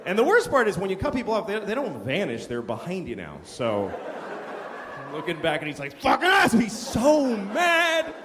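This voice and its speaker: A man's voice: a little high, big pitch swings, brisk, noisy background. A man doing a live stand-up routine, telling a crude story in a sardonic way and acting out the people in it. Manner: sardonic storytelling, crude jokes, acts out quotes. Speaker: stand-up comedian. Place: live comedy stage before an audience. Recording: reverberant hall with loud audience.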